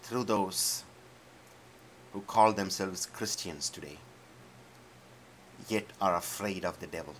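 A man's voice: low voice, slow, pauses often, fairly bright tone, a little hiss or hum. A male preacher retelling a scripture story dramatically, with modern asides. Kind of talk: sermon storytelling.

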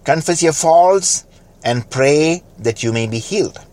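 A man preaching a fervent sermon, building to loud exhortation and dropping to quiet, slowed lines. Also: on the high side, lively intonation. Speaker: pastor.

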